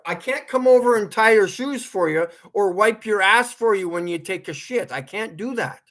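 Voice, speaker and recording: A man delivering a heated vlog rant, swearing freely and lecturing his audience. He talks slowly and his pitch leaps up and down as he goes from scolding to laughing at himself. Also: a bit bright. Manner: angry, profane ranting, breaking into laughter; lecturing, repeats commands. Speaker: vlogger. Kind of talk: ranting monologue to camera.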